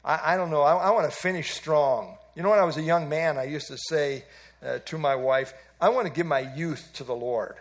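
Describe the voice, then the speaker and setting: A man's voice: fairly high pitch, fairly quick. An older man giving an evening Bible teaching as a preacher, folksy and self-deprecating as he tells stories.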